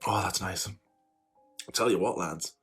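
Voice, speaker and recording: A sarcastic man talks casually, his voice sitting fairly low. His pitch rises and falls a lot, and he delivers his jokes dryly. Faint music plays behind him. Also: very animated, a little fast, fairly bright tone. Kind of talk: casual reaction commentary.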